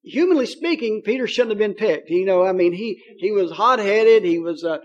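A preacher with a notably high voice for a man delivers a sermon. He talks in a folksy, conversational way and paraphrases scripture in plain speech. When he reads verses aloud, he slows down on the key phrases. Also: lively intonation, highs cut off.

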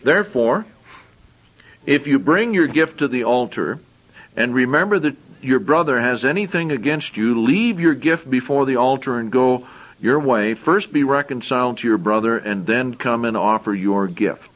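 Male preacher, mid-pitched voice, reads scripture then chats through it, repeats himself while thinking aloud. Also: normal speed, highs cut off. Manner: reads verses aloud, then explains in plain conversational asides. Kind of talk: sermon with scripture reading.

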